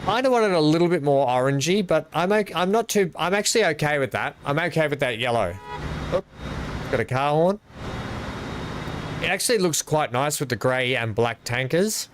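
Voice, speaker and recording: A man's voice: a little high, lively intonation, normal speed, noisy background. An Australian man chatting casually to his live-stream viewers while playing, rambling and greeting them by name.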